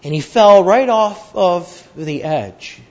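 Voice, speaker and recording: Slow, lively-voiced male preacher. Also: high-pitched. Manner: measured, repetitive, earnest. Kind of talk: sermon with storytelling. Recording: dull lo-fi recording.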